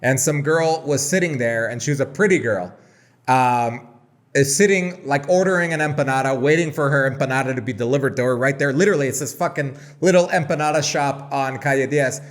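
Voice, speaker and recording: A man's voice: medium pitch, a little fast. A man co-hosting a podcast, chatty and profane, telling anecdotes. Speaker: podcast co-host. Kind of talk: casual podcast chat.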